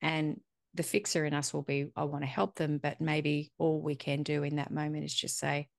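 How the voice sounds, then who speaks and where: A woman's voice: low voice, little pitch movement, moderate pace, creaky, no room sound, studio quality. A middle-aged woman, chatting candidly and reflectively, swearing casually and acting out bits of dialogue. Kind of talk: casual conversational chat.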